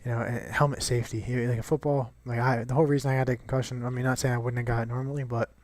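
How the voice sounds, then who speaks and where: A man's voice: mid-range voice, level tone, rapid-fire, a little mellow, no echo. A young man chatting casually over gameplay, rambling and swearing with lots of restarts. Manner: rambling and profane, many restarts.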